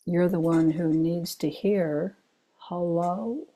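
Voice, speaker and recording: An older woman, a retired chaplain, giving a Zen dharma talk full of personal stories, told in an unhurried way with gentle laughs. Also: on the low side, steady tone.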